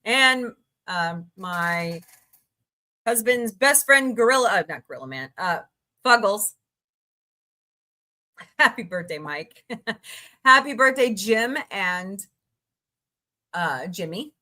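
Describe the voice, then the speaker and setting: A woman from the United States hosts a casual live stream, reacting aloud as she reads the news and greets her viewers. Her voice has a bright, forward edge, and she takes her time with every phrase. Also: medium pitch, animated, slow pace, pauses often. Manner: chatty, reacts aloud while scrolling, frequent laughs. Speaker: livestream host. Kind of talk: casual live chat, reading headlines.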